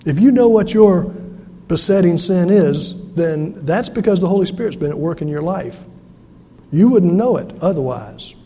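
A man's voice: high voice, animated, normal speed, mellow, breathy edge, long reverb tail. A pastor from South Carolina, preaching an earnest, conversational sermon to his congregation in a church. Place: church sanctuary.

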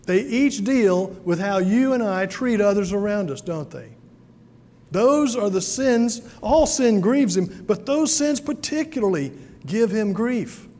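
A man's voice: sits high, animated, a little slow, mellow, long reverb tail. A man from South Carolina, preaching a sermon in a folksy storytelling way with many fillers. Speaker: pastor.

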